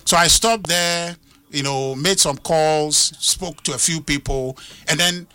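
Man, Ghanaian accent, radio host, high voice, very bright, emphatic, dry studio sound. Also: a little slow, clean tone, dry recording. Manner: emphatic, lively, code-switching. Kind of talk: animated radio discussion mixing English and Twi.

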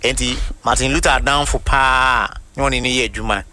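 Ghanaian male preacher, crisp bright tone, deliberate reader of quotes. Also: mid-range voice, fairly even intonation, a little hiss or hum. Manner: reads quotations slowly and deliberately, then explains. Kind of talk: sermon teaching with quoted readings.

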